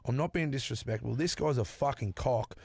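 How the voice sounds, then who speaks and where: Australian bloke, profane animated yarn-spinner, podcast guest. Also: male voice, mid-range voice, a little fast, creaky, breathy edge, dry recording. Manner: swears freely, animated yarn-telling. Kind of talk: casual storytelling.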